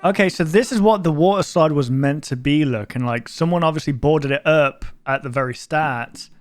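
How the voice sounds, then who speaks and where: A man's voice: fairly high pitch, normal speed. A man giving casual let's-play commentary, rambling and reacting aloud while joking about what he sees. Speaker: gaming YouTuber. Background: game audio and music.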